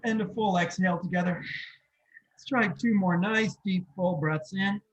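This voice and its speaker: Gentle male coach, lo-fi call. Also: sits high, moderate pace. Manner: gentle, repeats soothing questions. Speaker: health coach. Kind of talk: guided self-love session.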